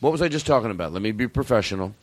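A man's voice: on the low side, racing. A middle-aged man hosting a comedy podcast, telling rambling stories and interrupting himself. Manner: rambling, animated, self-interrupting. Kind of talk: casual comedic storytelling.

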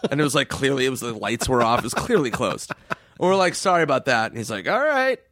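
A man in casual podcast chat, telling road stories with frequent laughs and swearing, jumping into a high goofy voice for quoted people. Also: animated, quick pace, fairly bright tone, dry recording, clean studio sound. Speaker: podcast guest.

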